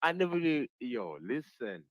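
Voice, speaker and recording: Man, livestream banter, teasing, repetitive, very lively pitch, dry sound. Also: measured pace, no echo, dull audio. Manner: teasing, repeats himself. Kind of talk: casual banter.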